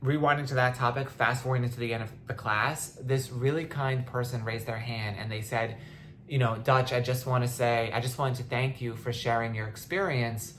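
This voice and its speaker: A woman's voice: extremely low pitch, steady tone, normal speed, a little hiss or hum. A young woman hosting a podcast, talking in a casual, impassioned way with many restarts, at times close to tears. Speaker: podcast host. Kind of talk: casual monologue.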